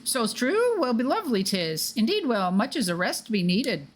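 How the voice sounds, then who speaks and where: A woman's voice: a little high, big pitch swings, moderate pace, soft background music. A woman voicing a fairy godmother with a put-on Irish accent and sing-song, mangled old-fashioned phrasing. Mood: lilting. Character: bubbly fairy godmother woman, garbled lilt.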